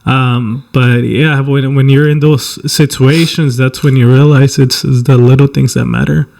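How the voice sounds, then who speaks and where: A man hosting a casual podcast conversation, talking in a halting, earnest way with many restarts and fillers. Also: medium pitch, little pitch movement, creaky, darkish tone. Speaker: podcast host. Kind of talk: heartfelt casual chat.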